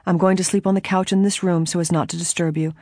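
A reader voicing a calm, caring middle-aged aunt who speaks reassuringly, in an audiobook. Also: mid-range voice, quick pace, dry recording, studio quality, close to an everyday voice.

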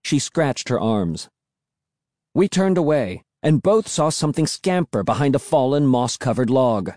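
Lively, mellow-voiced male storyteller. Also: mid-range voice, a little slow, no room sound, clean studio sound. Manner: expressive, animated reading. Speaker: audiobook narrator. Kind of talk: first-person story narration.

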